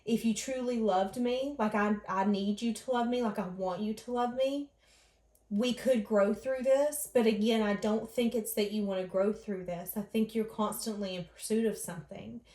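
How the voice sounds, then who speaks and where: A woman's voice: mid-range voice, steady tone, moderate pace, dark tone, reverberant. Earnest woman giving a tarot reading. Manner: earnest, channels others' words in first person. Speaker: tarot reader. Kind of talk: emotional tarot reading monologue.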